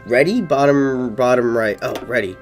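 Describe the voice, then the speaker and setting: A young man chatting casually as he starts a strategy game with a friend. He jokes around, swears freely and keeps an easy middle pitch. Faint music plays behind him. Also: normal speed. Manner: swears freely, loose and joking. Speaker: gaming channel host. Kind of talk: casual gaming chat.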